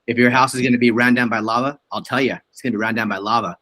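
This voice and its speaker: A man's voice: medium pitch, fairly even intonation, rapid-fire, sharp tone, no echo. A man hosting a team video meeting, upbeat and full of praise. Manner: upbeat, effusive praise, says awesome often. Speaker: meeting host.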